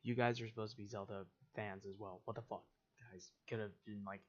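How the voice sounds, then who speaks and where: A man's voice: fairly low pitch, fairly even intonation, a little fast, muffled recording. A man livestreaming a build, ranting in exasperated, profane casual commentary. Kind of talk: casual live-stream commentary while building.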